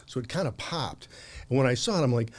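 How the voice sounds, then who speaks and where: An American man in his sixties, guesting on a podcast, tells long conversational anecdotes, laughing often and restarting. His mid-range voice is expressive and quick.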